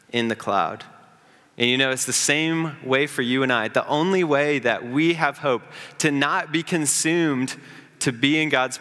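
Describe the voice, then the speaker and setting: Bright-voiced man preaching in a hall. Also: mid-range voice. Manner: earnest preaching, builds up and slows for emphasis. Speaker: pastor. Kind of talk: sermon.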